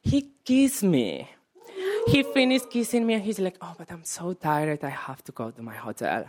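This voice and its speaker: Man, live stage storytelling, very lively swooping delivery, laughs and swears. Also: sits high, moderate pace, background noise. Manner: animated, laughing through his lines, swearing.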